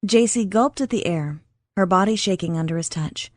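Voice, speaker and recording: A woman narrating an audiobook in a measured, even reading. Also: medium pitch, dry recording, studio quality. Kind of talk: scripted narration.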